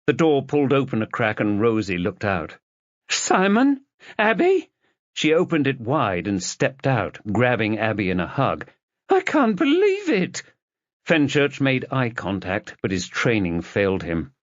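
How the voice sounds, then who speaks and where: A man narrating a mystery novel as an audiobook in an expressive reading. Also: fairly low pitch, moderate pace, hardly any pauses, no echo. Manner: expressive reading, voices the characters. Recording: dull, dry lo-fi recording.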